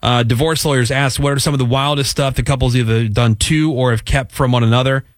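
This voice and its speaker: A man's voice: medium pitch, fairly even intonation, a little fast, no room sound, studio quality. A man hosting a radio show, reading stories aloud and chatting with his co-hosts in a casual, easygoing way.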